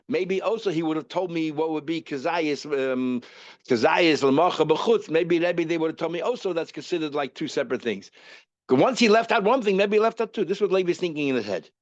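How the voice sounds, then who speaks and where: Animated man teaching a Talmud lesson. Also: a little high, fairly quick, no room sound, lo-fi sound. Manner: animated, repeats terms while reasoning aloud.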